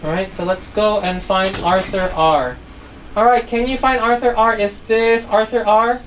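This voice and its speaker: A woman's voice: medium pitch, fairly even intonation, unhurried. Woman teaching phonics to kids. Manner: asks constant check questions; simple storytelling for kids. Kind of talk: online children's phonics lesson. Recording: distant mic, faint background noise.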